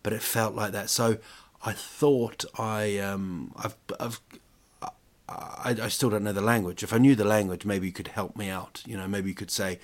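A young man with a fairly low voice, rambling through a solo podcast monologue. He keeps mocking himself and joking, stumbling over fillers and restarting his sentences as he goes. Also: steady tone, moderate pace. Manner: self-mocking, jokey, many fillers and restarts. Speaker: podcast host.

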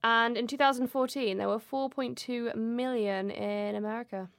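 A chatty woman with a fairly high voice and a gravelly edge, giggling her way through a run of facts. She talks in a relaxed podcast chat over a remote call, and her voice sounds close and dry. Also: normal speed, no room sound. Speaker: podcast co-host presenting researched facts. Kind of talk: casual chat.

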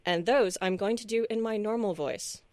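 A woman's voice: medium pitch, normal speed, a little mellow, no echo. A woman co-hosting a finance podcast, talking in a chatty, self-deprecating way with frequent ums and restarts. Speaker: podcast host, financial journalist. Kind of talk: casual podcast chat.

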